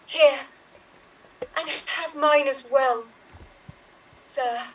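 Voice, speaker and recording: A woman's voice: high voice, extremely slow, a bit bright, reverberant, recorded from a distance, slight background noise, rough recording. A woman performing in an improv scene, playing a dramatic newlywed. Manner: theatrical, switching comic styles. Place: live theater stage.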